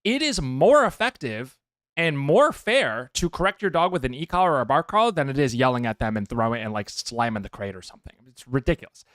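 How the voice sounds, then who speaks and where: A man's voice: mid-range voice, very animated, fairly quick, fairly bright tone, dry recording, clean studio sound. Emphatic man giving advice. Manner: emphatic, keeps checking in with "okay?". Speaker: dog trainer, podcast host. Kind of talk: casual advice talk.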